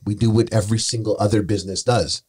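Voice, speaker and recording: Low-voiced man in casual podcast chat. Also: steady tone, quick pace, a little mellow, slight background noise. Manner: rambling, swears, acts out quotes of others. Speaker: podcast co-host.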